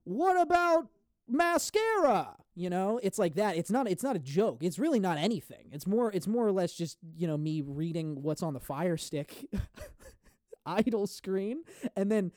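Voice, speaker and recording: A man's voice: high voice, expressive, moderate pace, mellow, no room sound, clean studio sound. A man hosting a solo comedy podcast, rambling through profane, goofy, self-mocking jokes into a podcast microphone. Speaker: podcast host. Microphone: studio podcast microphone.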